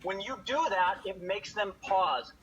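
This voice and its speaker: A man with a high, bright voice delivers an energetic sales training talk. He acts out customer exchanges as he goes. The audio is slightly dull, with faint noise underneath. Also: unhurried. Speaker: solar sales presenter.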